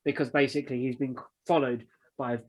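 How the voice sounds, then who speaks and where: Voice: medium pitch, fairly even intonation, darkish tone, rough recording. Rambling game master narrating a tabletop game. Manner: rambling, halting description with many fillers and laughs.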